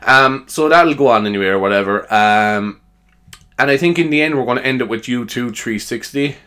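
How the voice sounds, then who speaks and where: A man's voice: mid-range voice, moderate pace, bright, forceful tone, smooth. A man talks alone in a loose, rambling chat. He is self-amused and leans on fillers as he goes. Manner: chatty, self-amused, lots of fillers and laughs. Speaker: podcaster.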